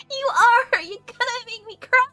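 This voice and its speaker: Giggly, bright high-voiced woman streamer. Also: dry recording. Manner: giggly, playful, frequent laughter. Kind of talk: live stream chat.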